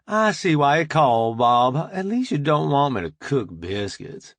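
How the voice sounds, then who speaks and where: A man's voice: on the high side, very animated, unhurried, dry recording. A man voicing a sassy, folksy woman who teases her captain with wry, scolding banter. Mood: teasing.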